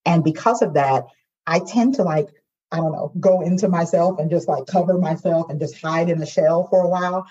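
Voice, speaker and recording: Husky-voiced emotional woman guest. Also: fairly low pitch, normal speed, lo-fi sound. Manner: emotional, expressive, talks to listeners directly. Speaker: podcast guest, poet and singer. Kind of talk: heartfelt conversation.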